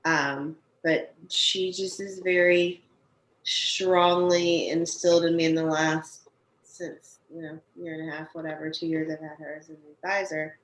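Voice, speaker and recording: A woman's voice: low voice, level tone, a little slow, a bit bright. A young adult woman, a podcast guest working in the cannabis industry, talking candidly and emphatically in a casual conversation and swearing freely. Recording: echoey room, faint background noise.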